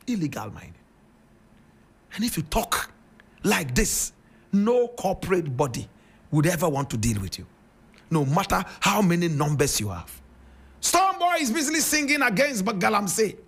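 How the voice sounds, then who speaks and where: A man's voice: sits high, vocal fry, a bit bright, breathy edge. A man with a Ghanaian accent giving impassioned commentary, emphatic and preaching, firing rhetorical questions. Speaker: radio commentator.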